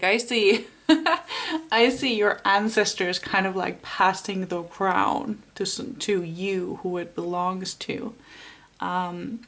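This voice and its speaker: Slow, gravelly-voiced woman reading tarot. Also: on the low side. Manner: soft, unhurried and encouraging, with many fillers. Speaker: tarot card reader. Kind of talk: pick-a-card tarot reading.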